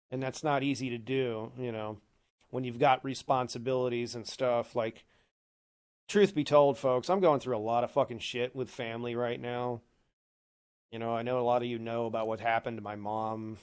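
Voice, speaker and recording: A man's voice: mid-range voice, clean tone. Man on a profane angry rant. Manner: profane, heated ranting. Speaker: livestream host. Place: home office in an apartment. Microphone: desk microphone.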